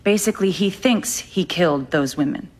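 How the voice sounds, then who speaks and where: Matter-of-fact psychologist on the stand, lowish voice, courtroom drama. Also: female voice, normal speed, darkish tone, slightly rough. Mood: calm. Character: calm female criminal psychologist witness. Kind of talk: TV legal drama acting.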